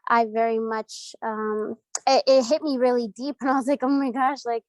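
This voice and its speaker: An upbeat woman from the United States talking as an interview guest, her voice a little high. She speaks effusively with plenty of "um" and "like", close and dry. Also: fairly even intonation, moderate pace, a little mellow, dry recording. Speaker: voice actress guest. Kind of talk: casual interview.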